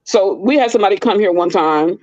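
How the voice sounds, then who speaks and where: A woman's voice: a little fast, no room sound, muffled recording. A middle-aged woman in casual chat, telling stories and acting out the people in them with big jumps in her voice. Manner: animated, acts out quoted people with big pitch leaps.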